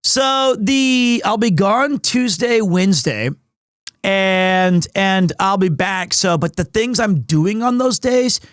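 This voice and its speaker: A man live-streaming from home, chatting casually with his viewers in a rambling, excitable, self-deprecating way. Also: high-pitched, slow, clean tone, no room sound, clean studio sound.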